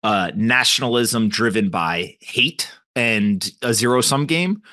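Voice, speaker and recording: Bright-voiced man interview host. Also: on the low side, expressive, slow pace, dry recording, studio quality. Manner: casual, inquisitive, tells anecdotes with fillers. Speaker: podcast host.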